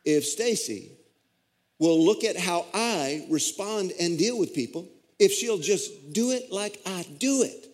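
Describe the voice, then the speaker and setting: Pastor preaching in reverberant church. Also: male voice, high-pitched, animated, takes it slowly, darkish tone. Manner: folksy storytelling with self-deprecating humor. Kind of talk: sermon. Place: church sanctuary.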